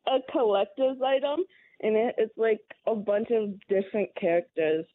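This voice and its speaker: A shy teenage girl speaking on the phone to a radio host, hesitant and giggly. Her voice is a little high and lively in pitch, heard through a thin, tinny phone line. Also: normal speed, a little hiss or hum. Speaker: caller. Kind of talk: phone call.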